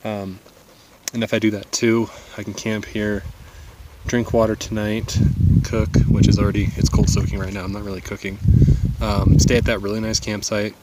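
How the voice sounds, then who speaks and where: Hiking outdoors on a high mountain, a man films himself for a casual vlog, thinking aloud, swearing now and then, and sometimes getting out of breath. His voice is on the low side, level in tone, and at normal speed, with heavy background noise around him.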